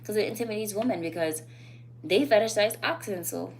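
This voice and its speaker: Blunt, animated woman vlogging. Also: mid-range voice, fairly quick, slight background noise. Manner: blunt, animated, rising to emphatic peaks; loose, rambling phrasing with fillers. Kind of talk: casual opinion vlog.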